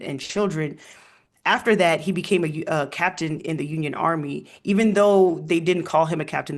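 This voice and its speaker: Animated male historian, slightly high voice. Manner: animated storyteller with frequent ums and laughs. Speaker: historian guest. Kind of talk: casual interview conversation.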